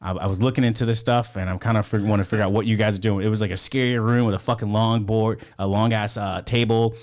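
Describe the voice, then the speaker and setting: Low-voiced man telling rambling stories. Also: steady tone, fast talker, darkish tone. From United States. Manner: swears constantly, rambling anecdotes. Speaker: podcast guest. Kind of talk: casual storytelling.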